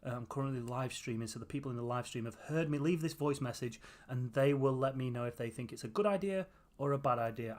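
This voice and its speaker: A tired man chatting casually to viewers on a live stream, with a runny nose. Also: mid-range voice. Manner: tired, chatty, often laughing.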